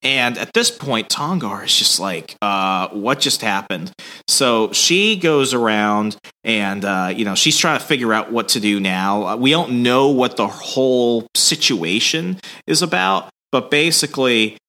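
Bright-voiced man recapping a comic. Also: unhurried. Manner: acts out characters' lines with raised pitch; animated storytelling. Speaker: podcast co-host. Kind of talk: casual comic book recap.

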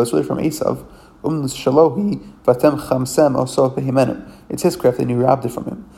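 Gravelly man slowly translating scripture. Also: mid-range voice, warm tone. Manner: reads verses aloud, then translates phrase by phrase; halting, frequent self-corrections and fillers. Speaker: Torah teacher. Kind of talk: reading and translating a religious text.

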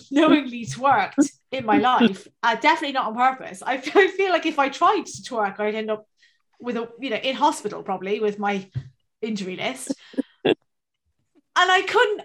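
A woman's voice: sits high, big pitch swings, normal speed, fairly bright tone. A woman, co-hosting a casual chat and telling rambling, self-mocking stories with plenty of swearing. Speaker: podcast co-host.

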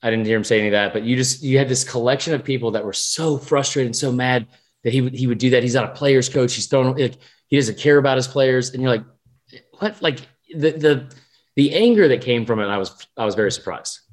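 Animated, swearing sports podcast man. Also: mid-range voice, quick pace. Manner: animated, profane, rambling. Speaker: podcast co-host. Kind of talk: casual sports chat.

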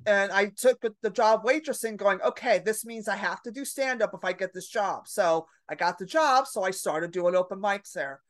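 A middle-aged woman comedian spins unfiltered stories in a relaxed podcast conversation. Her voice sits at a middle pitch, recorded close and dry, and she bursts into loud acted-out reactions. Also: normal speed, few pauses, dry recording. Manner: brash storyteller, loud animated re-enactments. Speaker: comedian guest. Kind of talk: casual podcast chat.

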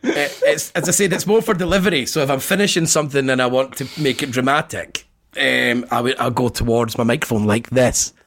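A man with a low, rough voice, chatting on a podcast and laughing at himself. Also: fairly quick, fairly bright tone. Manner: good-humoured, laughs at himself. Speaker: podcast co-host. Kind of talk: casual podcast chat.

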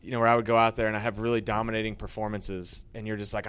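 A man, a former baseball pitcher, telling rambling anecdotes in a casual interview, growing lively as he retells old stories. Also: fast talker, clean tone.

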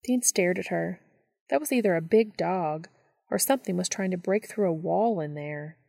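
Woman narrating audiobook chapter, slight vocal fry, dry close mic, even pace. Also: fairly low pitch, moderate pace, dry recording. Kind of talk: fan fiction audiobook reading.

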